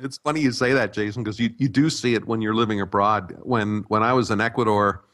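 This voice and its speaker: A man in his sixties with an American accent talks through his travels at an easy pace, circling back and restarting his sentences. His voice sits low. He sounds like a guest in a casual interview. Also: a little fast. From United States. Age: 60s. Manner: relaxed storytelling with frequent restarts. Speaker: guest, retirement abroad expert. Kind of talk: conversational interview.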